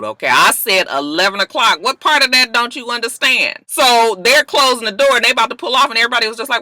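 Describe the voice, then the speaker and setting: Woman vlogger, brash and animated recap delivery, bright tone, dry sound. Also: medium pitch, moderate pace, few pauses, dry recording. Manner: sassy, profane, animated storytelling. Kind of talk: casual reality show recap. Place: parked car.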